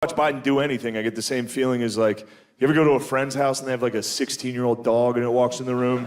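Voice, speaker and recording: A man performing a stand-up monologue on a large stage, telling stories in a deadpan way and slipping into put-on voices. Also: medium pitch, brisk, very noisy. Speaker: stand-up comedian. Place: large theater stage with live audience.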